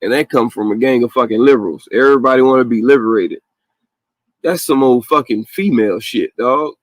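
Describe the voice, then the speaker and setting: A man's voice: mid-range voice, a little fast, no room sound, rough recording. A man hosting a podcast, ranting bluntly in casual slang with heated asides and frequent laughs. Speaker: podcast host. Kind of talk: casual profane rant.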